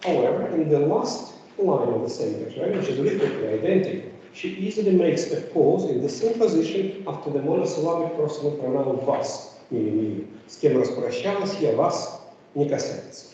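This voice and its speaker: A man giving an academic conference lecture, pausing often with fillers as he explains. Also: fairly high pitch, animated, warm tone, slight background noise. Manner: hesitant, many filler pauses. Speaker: conference speaker. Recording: echoey, distant, dull room recording.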